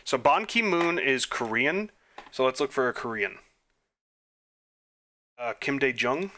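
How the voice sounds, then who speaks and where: A man talks his way through an online history quiz, muttering guesses under his breath. His voice is bright and forward, and he breaks into flustered, self-mocking outbursts. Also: medium pitch, expressive, unhurried, a little hiss or hum. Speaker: gaming YouTuber. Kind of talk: quiz playthrough commentary.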